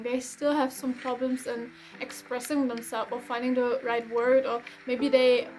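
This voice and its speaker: High-voiced German-accented woman reading tarot. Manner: chatty and rambling, with frequent restarts and light laughs. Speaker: tarot reader. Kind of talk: casual tarot reading to camera.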